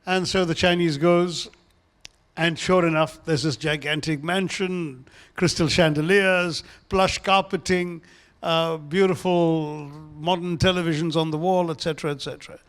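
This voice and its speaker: Man, 60s, articulate, formal wording, slightly high voice. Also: fairly even intonation, a little slow, fairly bright tone, clear, resonant tone. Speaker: guest speaker. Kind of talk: on-stage conversation.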